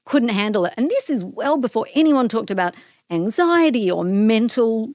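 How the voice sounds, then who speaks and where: With a fairly high-pitched voice at a moderate pace, a middle-aged Australian woman tells a personal story on a podcast, acting out the dialogue in an animated, casual way. The studio sound is clean, with no echo.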